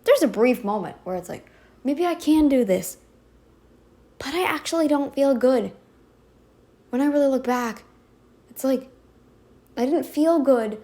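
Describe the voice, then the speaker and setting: A woman reacts to a video in casual commentary, pushing back hard on what she hears. Her voice sits high and she takes her time, leaning on her words to make her point. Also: mellow. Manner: emphatic, argumentative, talks back to the clip.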